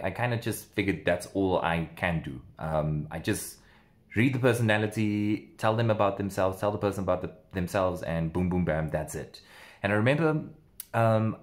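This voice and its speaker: A man working as an empath who does personal readings tells a story in a casual vlog. He is animated and drops sound words like "boom" between phrases.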